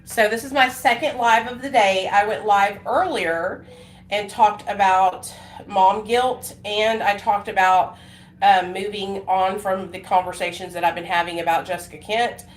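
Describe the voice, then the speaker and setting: A woman with a mid-range voice and steady tone speaks a little slowly on a casual livestream. She rambles emotionally, with many fillers and restarts, in an echoey room with faint background noise.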